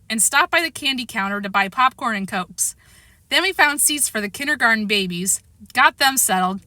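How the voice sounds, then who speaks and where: A woman reading a children's chapter book aloud, expressive and animated. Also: a little high, no echo. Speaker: reader. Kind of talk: storybook reading.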